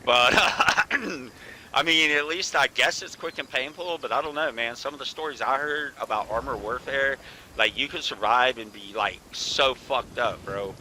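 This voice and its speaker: Gamer dude, swears constantly, super bright sharp voice, says bro a lot. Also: male voice, mid-range voice, unhurried, slight background noise, rough recording. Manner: profane, laid-back, calls everyone bro. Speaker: channel host, former soldier. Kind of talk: casual gaming chat.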